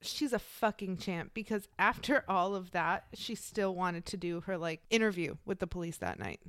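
Smooth-voiced woman, blunt chatty podcast storyteller. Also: fairly low pitch, expressive, normal speed, a bit bright, no room sound, studio quality. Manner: chatty and blunt, swears freely, acts out quoted people. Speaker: podcast co-host telling the story. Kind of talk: casual true-crime podcast storytelling.

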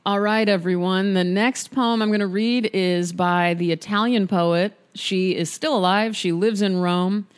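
A woman hosting a casual podcast, reading poems aloud in a husky, worn voice with playful, unhurried asides between them. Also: mid-range voice, fairly even intonation. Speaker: podcast host reading poetry.

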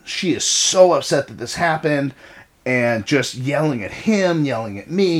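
A middle-aged man co-hosting a casual talk show, blunt and swearing freely as he tells stories about raising his kids. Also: medium pitch. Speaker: podcast co-host. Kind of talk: casual chat.

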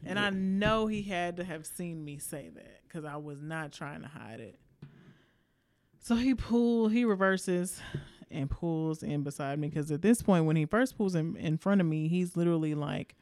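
A woman from Alabama, co-hosting a podcast, tells a story in a casual, animated and profane way, acting out the lines of the other people in it. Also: sits low, normal speed, no room sound, clean studio sound. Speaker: podcast co-host. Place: indoor podcast studio.

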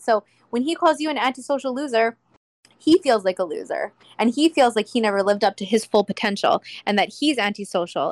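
Blunt, fired-up young woman, fairly high. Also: dry recording. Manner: blunt and impassioned, swears freely. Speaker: podcast guest. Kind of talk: candid casual chat.

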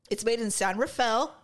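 A woman's voice: fairly high pitch, a bit bright. A woman from the Bay Area co-hosting a casual podcast chat, complaining with exaggeration about her burning mouth and runny nose. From San Francisco Bay Area. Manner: chatty, exaggerated complaining, laughing. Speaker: podcast co-host.

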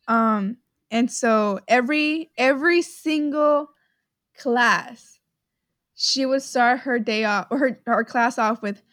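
A young woman from Texas with a Texan accent, co-hosting a laid-back podcast. She talks in a giggly, bubbly way, full of likes and ums, her voice sitting high. The sound is dry and close, with no room echo. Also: fairly bright tone. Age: young adult. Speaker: podcast co-host. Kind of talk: casual chat.

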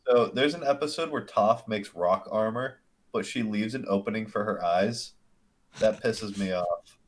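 A man's voice: lowish voice, unhurried, slight background noise. A man co-hosting a podcast in casual chat, ranting emphatically on a headset mic. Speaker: podcast co-host.

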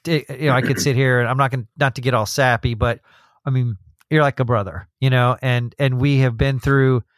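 Man, podcast host, casual chat, rambling storyteller, mid pitch, dry close sound. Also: steady tone, fairly quick, dry recording. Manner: rambling, with many restarts and acted-out quotes.

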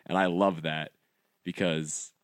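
A man's voice: low-pitched, fairly even intonation, slow, dry recording, studio quality. A young man co-hosting a casual podcast, joking around, laughing often and swearing casually. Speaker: podcast co-host. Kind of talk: casual chat.

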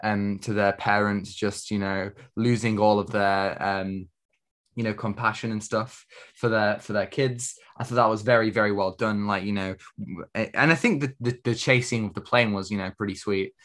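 A man's voice: fairly low pitch, fairly even intonation, normal speed, a bit bright. A man co-hosting a podcast, chatting casually about a film and leaning heavily on "you know" fillers. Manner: rambling, heavy use of "you know" fillers. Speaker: podcast co-host. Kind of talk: casual film review chat.

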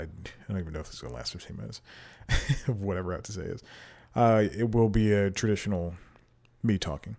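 Rambling, chuckling man with a low voice. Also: gravelly, darkish tone. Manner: rambling, self-deprecating, laughs often. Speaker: podcast host. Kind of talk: casual solo podcast monologue. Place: home room with TV playing behind. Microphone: desk microphone.

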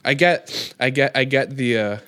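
Rambling man with a smooth, dry voice. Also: medium pitch, moderate pace, bright, forceful tone, no room sound. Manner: rambling, heavy use of "like". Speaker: podcast co-host. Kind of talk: casual chat.

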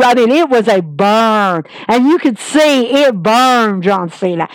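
A woman hosting a casual wrestling recap, talking excitedly and repeating herself for emphasis. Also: high-pitched, unhurried, dry recording. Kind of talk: casual spoken recap to viewers.

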